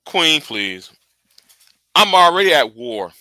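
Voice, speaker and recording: Man, angry livestream rant, very bright sharp voice, dry close sound, profane, stumbling repeats. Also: on the high side, sing-song, slow pace, dry recording, low-quality recording. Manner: heated, profane, repeats and restarts words. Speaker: livestream host.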